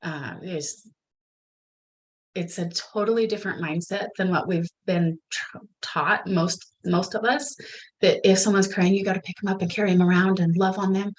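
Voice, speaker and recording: Speaking at a moderate pace in a rather low voice, a middle-aged woman shares family stories in lively, casual conversation. She frequently drops into other people's voices and laughs, and the recording sounds rough.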